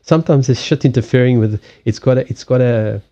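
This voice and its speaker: A man with a Southern African accent, a native Portuguese speaker, hosting a casual livestream chat, animated and freely swearing. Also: mid-range voice, fairly quick, lo-fi sound. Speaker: card reader and livestream host. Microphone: USB headset mic.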